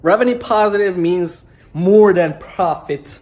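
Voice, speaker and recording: A woman's voice: lowish voice, measured pace, mellow. A woman from Iran talking casually to camera about business, rambling and joking, tagging lines with "okay?". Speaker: vlogger. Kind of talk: casual motivational monologue to camera.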